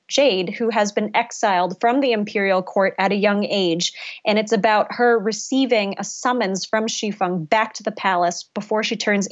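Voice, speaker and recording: A woman's voice: medium pitch, lo-fi sound. A woman author answering interview questions in a casual, enthusiastic way, laughing often. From United States. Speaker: author guest.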